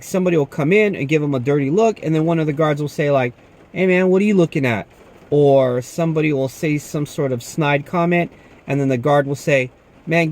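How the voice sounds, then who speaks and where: A man's voice: fairly high pitch, darkish tone. A young man working as a security guard, talking casually to camera and acting out the people he quotes. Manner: laid-back, says "man" often, tells stories with quoted dialogue.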